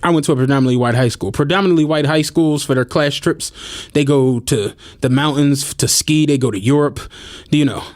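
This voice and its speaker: A man with a high voice tells stories on a podcast in loose, casual chat. He gets animated, laughs through his lines and acts out what people said to him. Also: brisk. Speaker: podcast host. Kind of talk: casual storytelling.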